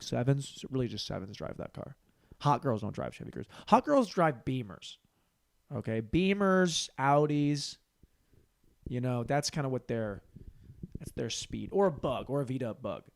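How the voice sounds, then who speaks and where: A man's voice: mid-range voice, unhurried, creaky. A man in his thirties hosting a solo comedy podcast, telling stories and acting out the other people in them, with plenty of swearing. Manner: animated storyteller acting out voices, swearing freely.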